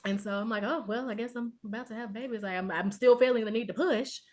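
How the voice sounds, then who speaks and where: A woman's voice: fairly high pitch, quick pace. Wry young woman telling her story. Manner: wry, matter-of-fact. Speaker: podcast guest. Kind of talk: casual storytelling chat.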